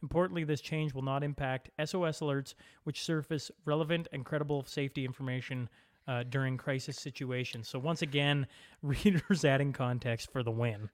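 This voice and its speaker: A man's voice: medium pitch, fairly quick, dry recording, clean studio sound. A man co-hosting a podcast, joking around and reading posts aloud in a casual way. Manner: animated, joking, reads tweets aloud. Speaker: podcast co-host. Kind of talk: casual political chat.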